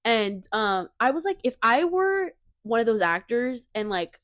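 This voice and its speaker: A young woman co-hosting a podcast in casual chat, talking in an animated, emphatic way with lots of fillers on a cheap desk mic. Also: fairly high pitch, a little slow, no room sound, clean studio sound. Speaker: podcast co-host.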